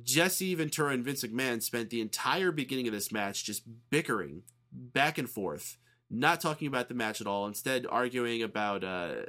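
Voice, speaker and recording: A man co-hosting a podcast, casually recapping a match with quick asides and the odd swear word. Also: mid-range voice, expressive, sharp tone. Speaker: podcast co-host recapping wrestling.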